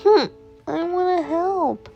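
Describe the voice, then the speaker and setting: A woman's voice: very high voice, slow, creaky, mellow, lo-fi sound, faint music behind, pitched above the performer's own voice, full character voice. A woman voicing a small, eager and curious boy fox pup with a childlike, whiny way of pleading.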